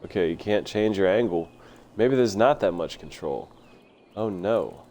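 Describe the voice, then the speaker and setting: A man streaming a city-building game live, rambling excitedly and talking to himself as he plays. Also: low-pitched, a little slow, slight background noise. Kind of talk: casual live gameplay commentary.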